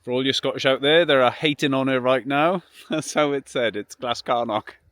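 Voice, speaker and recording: A man's voice: medium pitch, fairly even intonation, moderate pace, fairly bright tone, dry recording. A man chatting casually as he films a travel vlog beside his campervan, easygoing and full of enthusiasm. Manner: easygoing, chatty, repeats "absolutely". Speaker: vlogger. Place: outdoors beside a campervan on the road.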